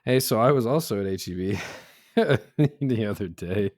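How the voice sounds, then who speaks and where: A man co-hosts a casual podcast, his lowish, darkish voice animated at a normal speed as he tells anecdotes, laughs through his stories and acts out the people he quotes. The recording is dry, with clean studio sound.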